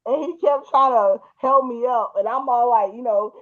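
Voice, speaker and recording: A woman hosting a podcast, telling a personal story in a lively way, laughing often and acting out the people in it. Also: fairly high pitch, normal speed. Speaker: podcast host. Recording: muffled, dull audio.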